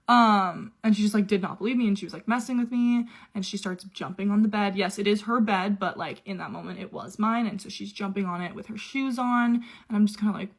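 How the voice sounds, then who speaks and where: A woman's voice: mid-range voice, quick pace. A young adult woman telling her own story in a casual way, chatty and run-on, with quoted dialogue.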